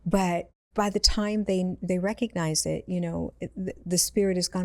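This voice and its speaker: A woman's voice: lowish voice, steady tone, moderate pace, hardly any pauses, no echo. A woman, an intuitive medium, telling personal stories in a conversation and acting out the voices of the people in them. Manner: earnest, acts out quoted voices in her stories. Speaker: intuitive medium, podcast guest.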